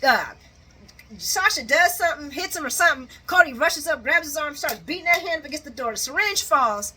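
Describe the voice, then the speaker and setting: A woman giving a lively, casual recap of a soap opera, laughing often and acting out the characters' lines. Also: high-pitched, brisk. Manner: animated, laughs often, acts out quotes.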